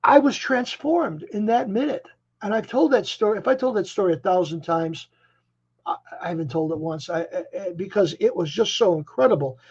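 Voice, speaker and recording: A man in his seventies from Chicago, a musician guest telling stories in a rambling, animated way, often restarting his phrases. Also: high voice, normal speed, husky. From Chicago, USA. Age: 70s. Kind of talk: casual interview storytelling. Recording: dull lo-fi audio.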